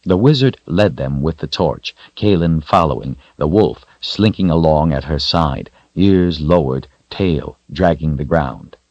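Male narrator, deep and steady, dry slightly dull recording. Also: a little slow, hardly any pauses, dry recording. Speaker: audiobook narrator. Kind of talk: scripted narration.

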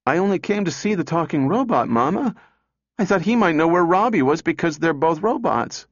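A man's voice: medium pitch, animated, a little slow, dry recording. A man voicing a small girl who talks in an earnest, polite, breathless way. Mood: tearful. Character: small pleading girl searching for her robot. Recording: dull dry recording.

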